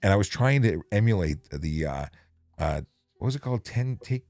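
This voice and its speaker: A man's voice: lowish voice, expressive, normal speed, vocal fry, a little mellow, no room sound. A man hosting a casual livestream, chatty and joking, laughing easily. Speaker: show host.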